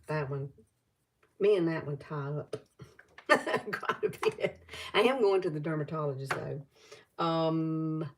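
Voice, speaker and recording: A low-voiced woman over fifty from Alabama, with a Southern US accent, chats loosely during a live makeup tutorial. She greets viewers as she goes along.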